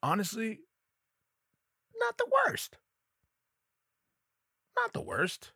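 A man's voice: sits high, huge pitch swings, extremely slow, gravelly, sharp tone, slightly rough, dry recording, studio quality. A man hosting a solo comedy podcast in a crude, rambling, darkly joking monologue. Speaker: podcast host.

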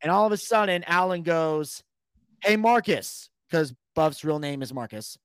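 On a podcast, a guest with a high-leaning, clean-toned voice tells a long story at a moderate pace. He's animated and profane, acts out people's quotes, and there's no room sound.

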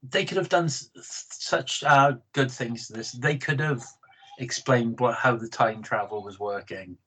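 British guy slightly husky, ranting about a bad movie, keeps restarting his sentences. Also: medium pitch, unhurried, fairly bright tone, rough recording. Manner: opinionated, repeats words when starting. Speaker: film podcast co-host. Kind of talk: casual film review chat.

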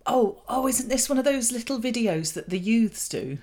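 A woman's voice: fairly high pitch, animated, normal speed, a little mellow. A woman, co-hosting a podcast in rambling, giggly casual chat. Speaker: podcast co-host. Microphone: studio microphone.

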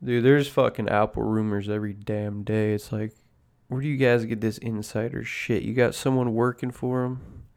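A man's voice: on the low side, level tone, moderate pace, a little mellow. A man hosting a casual podcast chat, rambling in a laid-back way and swearing constantly over his coffee. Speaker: podcast host. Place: at home drinking coffee.

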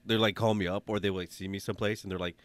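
Low-voiced fast-talking man. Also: fairly even intonation, dry recording. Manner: joking, swearing. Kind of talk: casual chat.

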